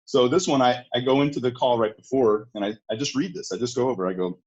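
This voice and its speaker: A man talking casually as an interview guest, excitable and full of fillers, acting out little quotes. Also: mid-range voice, fast talker. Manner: animated, filler-heavy, acts out quotes. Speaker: sales guest. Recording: dull lo-fi sound.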